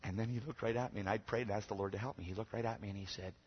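A man preaching a sermon as pastor, moving between loud, emphatic exhortation and quiet, conversational storytelling. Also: on the low side, fairly even intonation, racing, slightly rough. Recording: dull lo-fi sermon recording.

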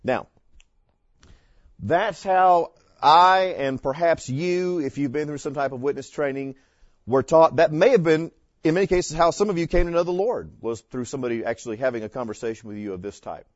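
A man's voice: on the high side, expressive, normal speed, dry recording. A man teaching an evangelism class in a conversational lecture style, punchy and full of rhetorical questions. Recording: dull dry lo-fi lecture recording.

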